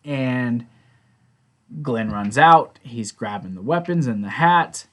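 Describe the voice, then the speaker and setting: A man's voice: mid-range voice, lively intonation, slow. A man giving a casual recap of a TV episode, chatty and blunt, retelling scenes by quoting the characters and swearing now and then. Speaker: TV show reviewer.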